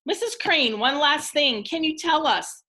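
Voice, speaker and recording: A woman's voice: high-pitched, lively intonation, unhurried, bright, forceful tone, voice pushed up, full character voice. A woman teacher voicing an eager young boy detective from a children's storybook, reading his lines aloud in a reassuring way.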